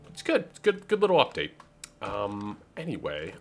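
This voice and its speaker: A man's voice: fairly low pitch, wildly swooping pitch, moderate pace, a bit bright, soft background music. A young man from Canada giving casual, rambling commentary over his own gameplay, chatting and interrupting himself as he goes. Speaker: gaming YouTuber.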